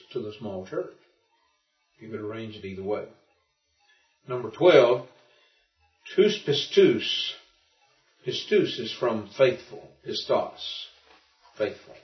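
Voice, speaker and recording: Man teaching Greek, recorded from afar. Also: fairly low pitch. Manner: thinks aloud with frequent restarts, explaining patiently. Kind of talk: informal classroom lesson. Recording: muffled and roomy, from far off.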